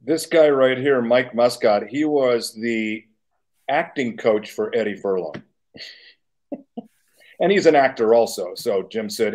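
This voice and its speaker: A man's voice: mid-range voice, animated, slow, pauses often, darkish tone. A man in his sixties, a guest makeup artist, telling casual stories in a rambling, self-correcting way with chuckles, speaking over a remote video call. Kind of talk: casual anecdotal storytelling.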